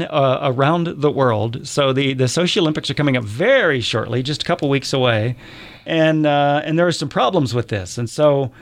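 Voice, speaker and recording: A middle-aged man hosts a live radio talk show, wandering between jokes and news with easy asides. His voice has a gravelly, creaky texture at an ordinary pitch. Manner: chatty, laughs often, jokey asides. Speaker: radio show host, journalism professor.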